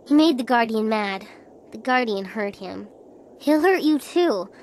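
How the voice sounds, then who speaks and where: A woman's voice: fairly high pitch, lively intonation, a little slow, crowd noise. A woman voicing a little girl in a video game who earnestly warns of a dangerous guardian. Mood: warning. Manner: earnest, childlike pleading.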